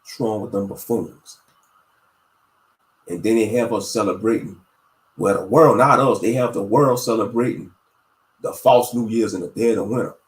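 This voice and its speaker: A man's voice: on the low side, reverberant, rough recording. A man hosting a casual religious livestream, talking to his viewers in a meandering, preachy way with lots of fillers. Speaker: livestream host.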